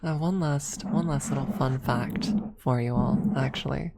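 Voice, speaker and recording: Low, gravelly soft-spoken woman streamer. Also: normal speed, very noisy. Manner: gentle, giggly, trailing off into whispers; affectionate, calls chat her lovelies.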